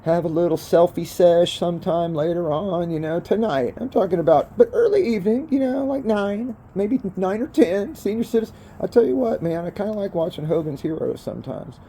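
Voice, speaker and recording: An older man talks in a mellow, warm voice. He rambles along casually and swears a lot, calling the viewer bro and man. He is recording outdoors, sitting by a fire. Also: high-pitched, lively intonation, brisk, few pauses, a little hiss or hum. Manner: profane, rambling, keeps saying bro and man. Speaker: vlogger.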